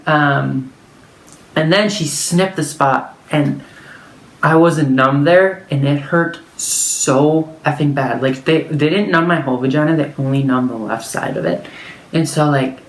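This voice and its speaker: A woman telling a personal story in a casual vlog, chatty and full of fillers. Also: low voice. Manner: chatty, filler-heavy, lots of "like". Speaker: vlogger. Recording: echoey room.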